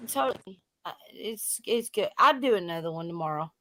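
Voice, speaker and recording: A woman with a Tennessee accent hosting a casual co-stream, playful and quick to laugh. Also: on the low side, animated, a bit bright, slight background noise. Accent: Southern US, Tennessee. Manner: playful, laughing, affectionate teasing. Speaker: livestream host.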